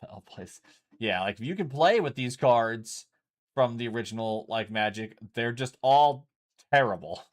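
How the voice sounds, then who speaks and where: His mid-range voice has lively intonation and moves a little slowly as he streams a card game from home. He chats loosely while explaining how it works, cursing freely along the way.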